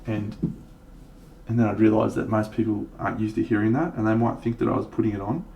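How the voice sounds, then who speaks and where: A man's voice: lowish voice, fairly even intonation, fast, gravelly, muffled recording, slight background noise. A young Australian man chatting casually and laughing easily while painting models on a live stream.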